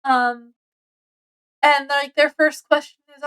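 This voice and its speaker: A woman's voice: high voice, slow pace, pauses often, poor audio. A woman casually reviewing a book, retelling its plot in a rambling way with many ums and self-corrections. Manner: acts out characters' lines with excitement.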